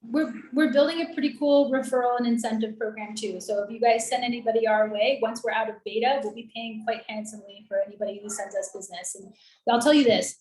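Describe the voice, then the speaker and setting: A woman talking in a chatty, upbeat, persuasive way, pitching her business on a video call. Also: steady tone, quick pace, a little mellow. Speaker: lead generation and call center business owner. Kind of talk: casual sales pitch on a coaching call. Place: in Colombia. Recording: roomy echoey room.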